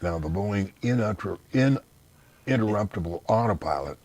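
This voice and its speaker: Man, very deep voice, husky, blunt, dismissive, rambling interview answers. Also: measured pace, a little mellow, no room sound. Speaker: interview guest. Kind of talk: casual conversational interview.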